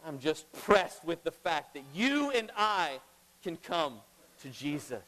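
A middle-aged man preaching a sermon as pastor, emphatic, swinging between loud and hushed. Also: on the high side, big pitch swings, slow pace. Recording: long reverb of a large hall.

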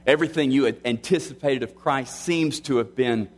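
Middle-aged man, pastor preaching, earnest, slows down for emphasis, medium pitch. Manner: earnest, slows for emphasis, drops quiet on key lines. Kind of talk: sermon.

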